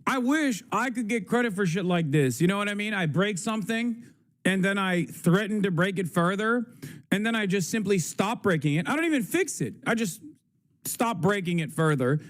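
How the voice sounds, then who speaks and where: A man live-streams his reactions to clips, ranting about politics in a casual, profane and sarcastic way while mocking people in silly voices. His voice is high-pitched and expressive, at a moderate pace.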